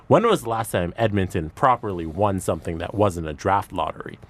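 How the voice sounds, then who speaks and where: A man's voice: low-pitched, expressive, a little fast. A man co-hosting a podcast, reading listener questions aloud in casual chat with mock gravity.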